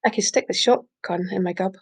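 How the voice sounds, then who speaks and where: A woman reading as a bitter, reclusive drinker with a dry, goading wit. He speaks in a mid-pitched voice, flat and sardonic, as read aloud from a story. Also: a little fast, slightly rough. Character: bitter, reclusive hard-drinking man, Christy. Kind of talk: audiobook reading.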